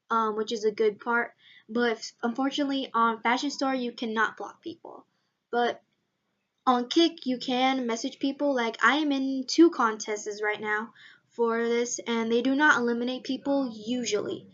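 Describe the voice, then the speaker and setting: A woman's voice: fairly high pitch, muffled recording. A teenage girl rambling casually in a vlog, with lots of fillers. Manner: rambling, chatty, many fillers. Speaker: vlogger.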